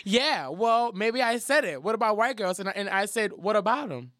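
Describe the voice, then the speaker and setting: A man's voice: high voice, normal speed, no echo, studio quality. A young man from New telling a profane story in casual talk, acting out every quote. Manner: animated, profane, acts out quotes.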